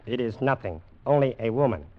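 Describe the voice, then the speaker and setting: An actor playing a menacing, domineering warlord general, speaking clipped broken English with a contemptuous manner. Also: male voice, medium pitch, expressive, fairly quick, lightly acted. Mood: gruff, scornful. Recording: dull lo-fi old film sound with faint hiss.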